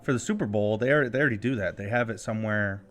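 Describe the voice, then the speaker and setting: A man co-hosting a podcast, giving relaxed, opinionated takes on football in casual chat. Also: on the low side, rapid-fire. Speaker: podcast co-host. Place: studio.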